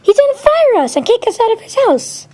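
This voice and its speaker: A woman's voice: very high voice, big pitch swings, a little fast, dark tone. A woman voicing an annoyed, sensible male hedgehog in a homemade plush-toy comedy skit, always questioning the others. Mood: exasperated. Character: exasperated male blue hedgehog, the sensible one.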